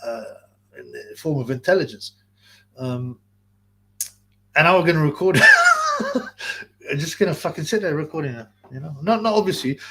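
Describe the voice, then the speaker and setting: A man's voice: mid-range voice, breathy edge. A man hosting a livestream, chatting in a rambling, profane way and laughing often. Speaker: livestream host. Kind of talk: casual livestream chat.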